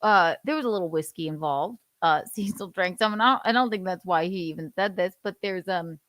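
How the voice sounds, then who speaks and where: A woman's voice: fairly low pitch, brisk, a bit bright, no room sound. A woman hosting a casual livestream, talking sarcastically with swearing and laughing asides. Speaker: livestream host. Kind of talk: casual commentary chat.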